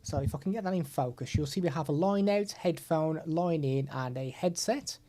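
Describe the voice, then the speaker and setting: Chatty tech vlogger, mellow tone, desk mic. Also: male voice, on the high side, moderate pace. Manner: chatty, hands-on explaining. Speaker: tech reviewer. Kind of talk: product demo vlog. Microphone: desktop USB/XLR microphone.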